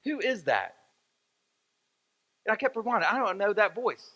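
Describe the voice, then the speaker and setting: A man preaching in a church sanctuary, his voice high and bright, carrying a long echo off the hall. He leans on repetition, circling the same phrases again and again for emphasis. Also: very animated, normal speed, muffled recording. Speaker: pastor. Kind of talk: sermon.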